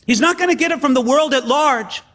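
A man preaching a sermon in a church sanctuary. He speaks in a high, bright voice and builds from quiet asides to loud exclamations, asking the congregation one question after another. Long reverb trails every line. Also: brisk. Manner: animated preaching with rhetorical questions and rising exclamations. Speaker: pastor.

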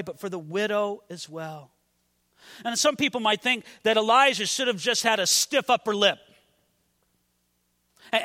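A man's voice: high voice, sharp tone, big-room sound. A man preaching a sermon with passion, his voice swelling and dropping for emphasis.

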